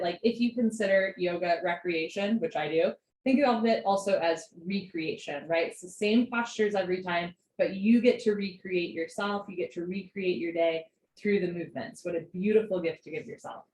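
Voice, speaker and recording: A woman instructing a live yoga class from home, giving calm posture cues with chatty, encouraging asides. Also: mid-range voice, slight background noise. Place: home room. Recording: roomy home recording.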